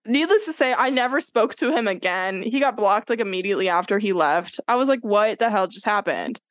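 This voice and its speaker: A woman's voice: medium pitch, fairly quick, dry recording. A young woman co-hosting a podcast, telling a dating story in casual chat, with lots of "like" and acted-out quotes. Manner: animated storyteller, fills with "like", acts out quotes. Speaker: podcast co-host.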